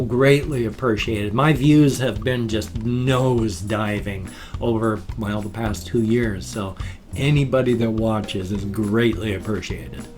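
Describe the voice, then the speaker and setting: An older man vlogging alone, talking casually and in a folksy, rambling way, his sentences often trailing off softly. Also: mid-range voice. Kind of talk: casual vlog monologue.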